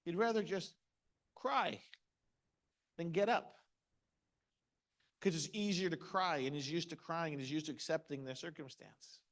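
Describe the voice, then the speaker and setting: A middle-aged man speaking at a motivational seminar. His voice sits a little high, and he talks in short, punchy lines. He keeps asking the audience questions and tells stories to make his point. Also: measured pace, long pauses, a bit bright.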